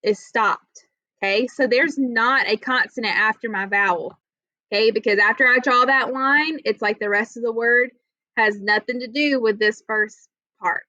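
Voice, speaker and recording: Woman teacher doing a reading lesson, patient step by step, bright voice, kinda dull dry lo-fi audio. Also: fairly high pitch, normal speed, no room sound. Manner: patient, step-by-step explaining with frequent "okay?" checks.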